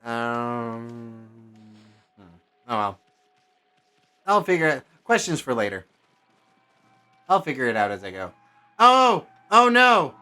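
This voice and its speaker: A man's voice: medium pitch, expressive, slow, pauses often, a bit bright, clean tone, faint music behind. Chatty man thinking aloud over a game. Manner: thinks aloud, rambling and self-correcting. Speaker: streamer. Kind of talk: casual gameplay commentary.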